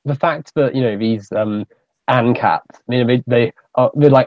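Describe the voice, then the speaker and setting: A man's voice: mid-range voice, a little fast, dry recording. A British man hosting a casual group voice chat, rambling with many fillers and restarts. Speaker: stream host. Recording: dull, dry voice-chat audio.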